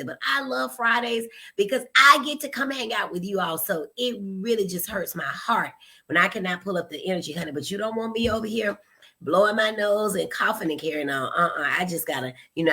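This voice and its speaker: A woman's voice: mid-range voice, animated, a little fast, pushed and bright. A woman hosting a casual live stream, chatty and playful, greeting viewers by name and calling them y'all and honey. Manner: greets viewers by name, teasing, laughs at herself. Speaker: host, psychiatrist and pediatrician.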